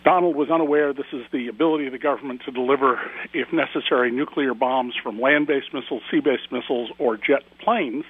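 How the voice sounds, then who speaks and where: A man's voice: medium pitch, fast talker, few pauses, breathy edge. Indignant man on a tinny phone line. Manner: emphatic, indignant commentary. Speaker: guest author. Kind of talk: radio interview.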